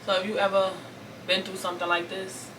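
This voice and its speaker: Emotional woman venting to camera, bright voice. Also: medium pitch, flat delivery, fairly quick, distant mic, slight background noise, poor audio. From Brooklyn, New York. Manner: raw and tearful, repeating phrases, rising intensity then soft pleading. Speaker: vlogger. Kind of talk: emotional storytime vent to camera.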